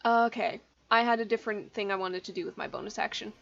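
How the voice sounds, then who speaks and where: A woman playing a tabletop game, explaining her moves deliberately. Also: mid-range voice, steady tone, gravelly. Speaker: player. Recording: dull lo-fi mic with faint noise.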